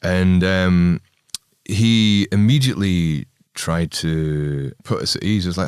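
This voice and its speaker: A man with a deep, low voice tells an animated anecdote in an interview, slipping into quick impressions. The recording is dry and close, with no room sound. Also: clean tone, no room sound. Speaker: band member. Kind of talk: storytelling interview.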